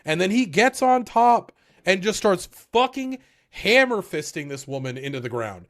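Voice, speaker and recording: A man co-hosting an anime podcast, recapping episodes in a casual, animated way, swearing often and acting out the characters' lines. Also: high-pitched, moderate pace. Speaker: podcast co-host.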